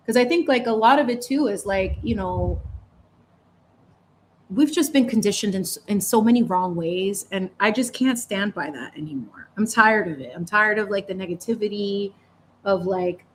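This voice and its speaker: A young adult woman chats in a loose, expressive way while she paints on a live stream. She laughs often and drags out words for emphasis, moving between warm thanks to her viewers and heartfelt talk. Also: mid-range voice, a little hiss or hum. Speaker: painting livestream host. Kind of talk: casual chat while painting.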